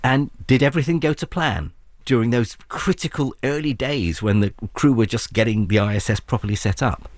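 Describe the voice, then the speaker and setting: A man hosting an interview, asking measured, attentive questions. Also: medium pitch, dry recording.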